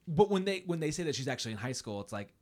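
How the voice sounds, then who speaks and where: A man co-hosts a relaxed movie podcast, his talk full of stops, fillers and little laughs. His pitch swings widely from phrase to phrase. He sounds like a man in his thirties chatting at a home mic. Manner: halting, many restarts and fillers, laughs often. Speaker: podcast co-host. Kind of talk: casual film discussion podcast. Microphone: home studio mic, typing nearby.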